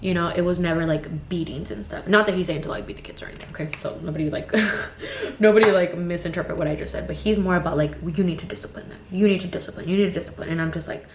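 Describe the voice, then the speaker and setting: A young woman in her twenties talks about motherhood in a loose, rambling get-ready-with-me vent, full of "like" and "you know". Her voice sits on the low side. The recording is echoey, with a faint ambient hum behind her. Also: fast. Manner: rambling, frank, heavy use of "like" and "you know". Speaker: vlogger and mother of two toddlers. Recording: roomy echo with faint ambience.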